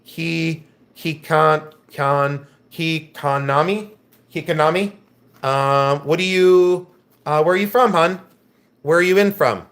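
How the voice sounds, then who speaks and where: Running a live-stream sale, the American auction host jokes with his audience and rambles between items. His voice is a little high, with a fairly bright tone.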